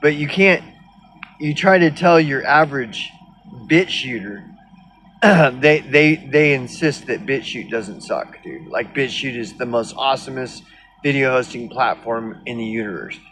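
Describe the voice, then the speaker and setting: Slow-talking, rambling, profane man. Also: mid-range voice, fairly bright tone, slight background noise. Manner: rambling, profane, sardonic, many fillers. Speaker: video blogger. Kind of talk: casual rant.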